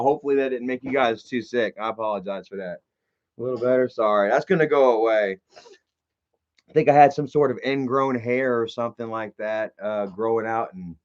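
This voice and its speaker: Rambling man on a dull lo-fi stream. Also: medium pitch. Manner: loose, profane, rambling with many fillers. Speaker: live streamer. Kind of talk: rambling casual live stream chat.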